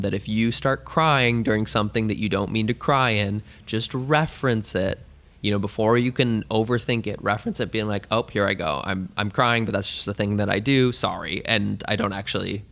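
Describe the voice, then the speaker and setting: A man with a fairly low voice talks through listener questions on his own podcast. His advice is casual, candid and a bit rambling, and he often jokes at his own expense. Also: gravelly, fairly bright tone. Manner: candid, rambling, self-mocking, with frequent restarts.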